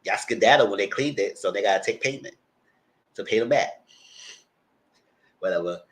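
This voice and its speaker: On his casual livestream, a commentary channel host speaks at a moderate pace in a low, slightly bright voice. Chatty and blunt, he recaps things with frank asides, playing out what he said to the cast.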